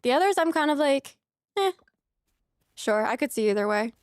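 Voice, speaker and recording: She talks fast in a high, expressive voice with a clean tone, recorded dry in clean studio conditions. Streaming a farming game, the young woman keeps up casual let's-play chat full of rambling asides and laughter.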